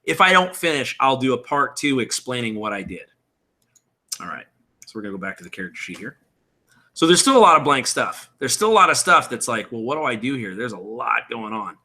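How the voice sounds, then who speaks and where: Bright, casual male host in his thirties; explains rules to a live chat. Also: mid-range voice, sing-song, a little fast. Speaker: tabletop game host. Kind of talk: live-streamed tutorial chat.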